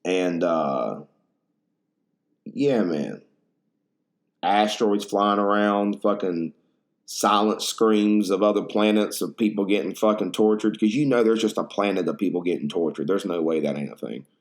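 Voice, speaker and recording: A man's voice: lowish voice, a little slow. A man hosting a podcast in casual chat, rambling, profane and full of slang. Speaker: podcast host.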